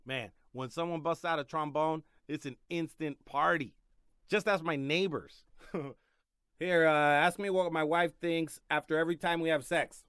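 A young man hosting a podcast, doing a sarcastic comedic monologue that swings between loud bits and mumbled asides. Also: on the high side, fairly even intonation, a little slow, clear, resonant tone, no room sound, clean studio sound. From Mexican-American. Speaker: podcast host.

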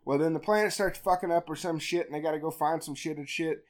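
A woman hosting a podcast, retelling a movie in a crude, profanity-heavy, animated way. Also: sits low, fast. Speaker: podcast host. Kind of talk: casual comedic movie recap.

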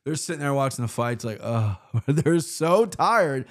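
A man's voice: a little high, animated, moderate pace. Profane, rambling American man. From United States. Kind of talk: casual storytelling monologue.

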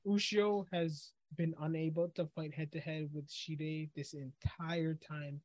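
A man's voice: a little high, flat delivery, measured pace, crowd noise. A man co-hosting a podcast, casually recapping an anime episode and acting out the characters' lines as he goes. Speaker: podcast co-host.

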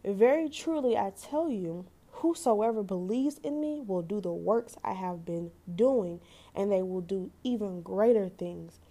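A young woman with a mellow, warm voice hosts a devotional podcast. She reads verses aloud and talks them through in an earnest, heartfelt way. She often stops mid-sentence to correct herself. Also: mid-range voice, lively intonation, unhurried. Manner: earnest, emotional, self-correcting. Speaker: podcast host. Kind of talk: casual devotional talk.

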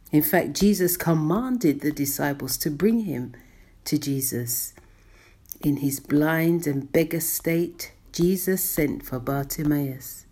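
Woman preacher delivering an emphatic devotional sermon, slow and low-pitched. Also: a little mellow.

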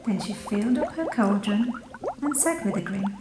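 A woman reading a rhyming picture book aloud with a slow, rhythmic delivery. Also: medium pitch, lively intonation, roomy sound, over music, poor audio. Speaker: storyteller.

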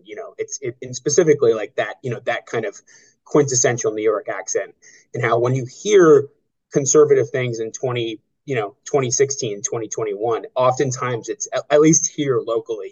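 A man in his thirties talks about his novel in a halting, searching way, full of restarts and fillers. His pitch sits in the middle range for a man. The recording sounds a little dull and muffled. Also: a little mellow. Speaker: novelist being interviewed. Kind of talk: conversational interview.

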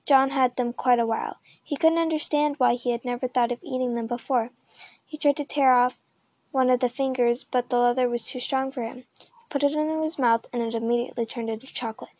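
A woman reading a children's book aloud in a plain, unhurried way, with small slips. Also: high voice, fairly even intonation, a little mellow, dry recording, highs cut off. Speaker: audiobook reader.

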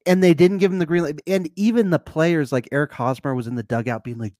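A man's voice: medium pitch, quick pace, hardly any pauses, no room sound, studio quality. A man co-hosting a casual sports podcast, laughing often and swearing freely. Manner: animated, laughs often, profane. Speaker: podcast co-host.

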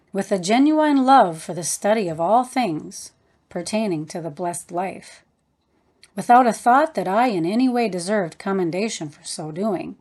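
A woman narrating a book in a measured, reverent reading voice. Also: mid-range voice, darkish tone. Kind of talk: audiobook narration.

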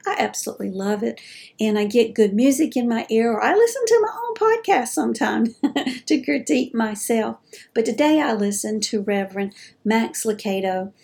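A middle-aged woman with a Southern accent hosts a caregiving podcast and talks straight to her listeners. Her voice sits a little high, with a gravelly edge. She is chatty and folksy and laughs at herself. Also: dark tone. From American South. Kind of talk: casual chat to listeners.

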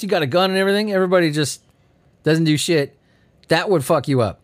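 Reading out odd news items a little fast in a high voice, a male podcast host sounds giddy, sleepy, and full of laughter. His casual comedic commentary includes plenty of swearing.

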